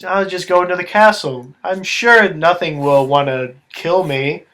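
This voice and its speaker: A man voicing a sarcastic, unfazed little girl in his own slightly high voice, talking dryly and slowly. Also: pushed and bright. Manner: dry, sarcastic.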